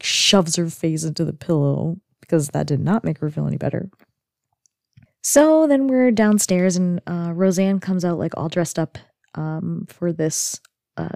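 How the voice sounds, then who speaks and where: A chatty young woman hosting a podcast, recapping a sitcom scene by scene with plenty of filler words. Her voice is low and mellow. The recording is dry and close. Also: creaky, no echo. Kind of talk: casual episode recap.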